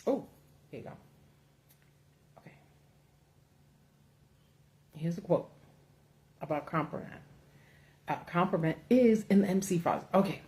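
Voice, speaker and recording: A woman with a low, mellow voice hosts a casual livestream from home. She rants bluntly and swears freely, working loosely from her notes. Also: unhurried, pauses often. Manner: blunt, profane, animated ranting. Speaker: political commentary host. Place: home setup with a ring light.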